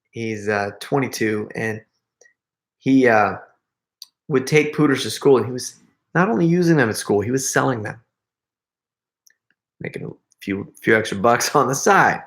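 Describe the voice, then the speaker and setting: A man's voice: medium pitch, echoey room. A middle-aged man hosting a casual livestream Q&A, rambling and chatting straight to his viewers. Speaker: YouTube prankster and channel host.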